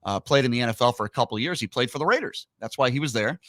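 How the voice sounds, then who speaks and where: A man's voice: mid-range voice, animated, racing, fairly bright tone, no echo. A man hosting a talk radio show, speaking emphatically and opinionatedly in casual banter, repeating his points.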